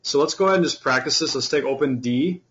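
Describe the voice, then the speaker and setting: A man teaching an online beginner fiddle class, explaining in a relaxed way with lots of fillers. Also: medium pitch, fast talker, lo-fi sound.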